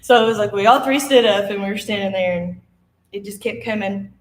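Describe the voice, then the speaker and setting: A woman's voice: medium pitch, fairly quick. A woman, telling a ghost story live to an audience, acting out the voices and laughing often. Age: 50s. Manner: lively, acts out quoted voices, laughs often. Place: studio stage before an audience. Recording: echoey room.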